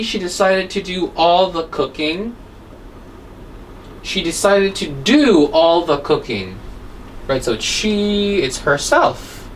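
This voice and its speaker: A woman teaching an English grammar lesson, explaining step by step and asking rhetorical questions. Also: medium pitch. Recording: distant mic with faint background noise.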